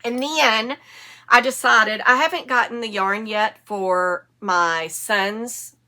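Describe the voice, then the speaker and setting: A woman's voice: on the high side, takes it slowly, bright, forceful tone. A woman in her fifties hosting a knitting podcast, chatting casually in a rambling way and correcting herself as she goes. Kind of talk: casual chat to camera.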